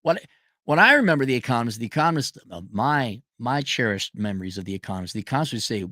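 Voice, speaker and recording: A middle-aged man ranting in a rambling, profane monologue. His tone is sarcastic and his pitch sits in an ordinary middle range. The sound is dry and close to the mic. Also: animated, quick pace, pushed and bright, no echo. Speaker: podcast host.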